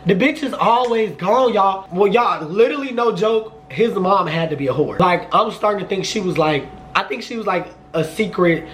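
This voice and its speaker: A young man in his twenties, voice a touch higher than most, spins a storytime vlog in a lively, cursing rush. His delivery keeps jumping up into high, excited outbursts. A faint hum sits under the recording. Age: 20s. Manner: animated, profane, jumps to high excited outbursts. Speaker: vlogger.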